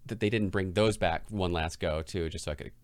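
A man's voice: low voice, fairly quick, no room sound. A middle-aged man co-hosting a casual chat, telling stories and sharing facts with dry humor. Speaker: podcast co-host.

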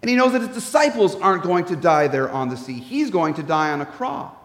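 A man with a high voice preaches an earnest sermon, stumbling over a word now and then before pressing on. His voice rings through a church hall with a long, echoing reverb. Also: sing-song, a little fast. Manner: earnest, with repeated restarts and soft asides. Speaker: pastor.

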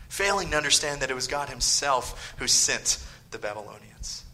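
A man preaching a sermon as pastor, swinging from loud emphasis to hushed whispered lines and firing off mocking rhetorical questions. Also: mid-range voice, a little fast, few pauses, low-quality recording.

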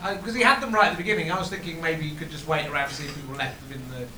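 A man's voice: fairly high pitch, very fast, bright, forceful tone, slight background noise. A man hosting a live podcast, joking and often laughing at himself. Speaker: podcast host. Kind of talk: casual chat before a live audience. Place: comedy venue with a live audience. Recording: echoey live room with crowd.

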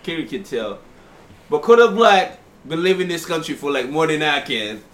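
Brief: high, bright man with non-native English accent, animated profane podcast rant. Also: normal speed. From immigrant to the United States. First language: not English. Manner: animated, profane ranting with laughter. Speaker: podcast co-host. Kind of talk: casual chat.

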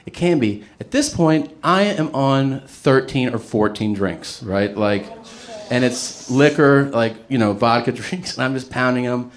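A man telling a comedic personal story casually, swearing and acting out quotes with big jumps in pitch. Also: slight background noise.

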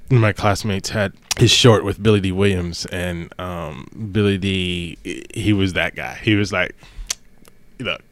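A man with a low voice chats casually on a podcast. He tells stories in a loose, animated way and slips into the voices of the people he quotes. The sound is close and dry. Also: unhurried, hardly any pauses, dry recording. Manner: animated storyteller, acts out quotes. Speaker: podcast host. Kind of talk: casual chat.

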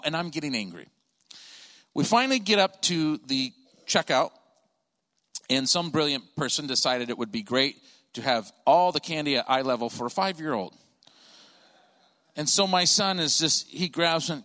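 A man doing stand-up storytelling as a comedian, animated and acting out the people in his stories. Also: on the high side, normal speed, long pauses. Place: church auditorium. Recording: long reverb of a large hall.

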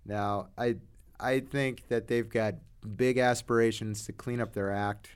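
A man's voice: medium pitch, steady tone, measured pace, clean tone. A man hosting a casual podcast chat, leading into topics and joking at his own expense. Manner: leads topics, self-deprecating. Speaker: podcast host.

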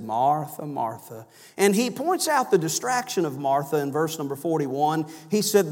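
A preacher with a high voice delivers a sermon in a church, and long reverb trails his words. He swings between loud, emphatic cries and low, soft asides. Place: church sanctuary.

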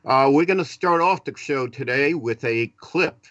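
A man's voice: mid-range voice, moderate pace, fairly bright tone, no room sound. A man with a Boston accent hosting a live political talk radio show, chatty and self-deprecating, with frequent "uh" fillers.

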